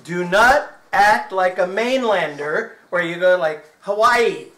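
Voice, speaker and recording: A man's voice: high voice, expressive, measured pace, pushed and bright. A man from Texas doing chatty, joking stage patter as a magician, often asking his audience questions. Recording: roomy live hall sound.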